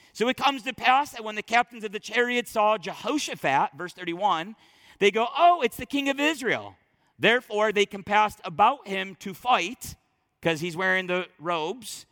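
Emphatic high-voiced preacher in a hall. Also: male voice, lively intonation, moderate pace. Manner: emphatic, storytelling, swings loud and soft. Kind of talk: sermon. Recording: long reverb in large hall.

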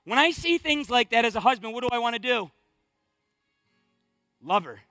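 A man's voice: extremely high pitch, expressive, moderate pace, sharp tone, dry recording, faint music behind. A middle-aged male pastor preaching a sermon with rising fervor and rhetorical questions.

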